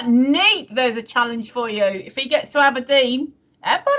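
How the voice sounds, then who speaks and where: A woman's voice: high voice, measured pace, bright, forceful tone, dull audio. A woman co-hosting a live stream in casual, teasing chat, swearing freely. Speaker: stream co-host.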